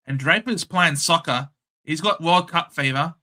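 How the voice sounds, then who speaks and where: A young Australian man hosting a casual live watchalong, calling the play in a chatty, excitable and blunt way. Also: on the high side, a little slow. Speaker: host. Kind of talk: casual live match commentary.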